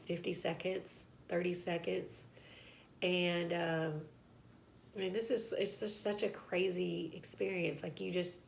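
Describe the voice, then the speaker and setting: A woman's voice: fairly low pitch, vocal fry, slight background noise. A young woman, telling a personal story to camera in a chatty, casual way, laughing and filling with "like" and "um.". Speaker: vlogger.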